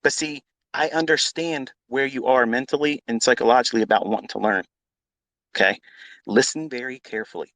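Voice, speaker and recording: A man's voice: medium pitch, fairly quick, a bit bright, no room sound. A man who mentors traders, talking in a live audio room in a blunt, combative way, swearing often and repeating himself for emphasis. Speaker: trading mentor.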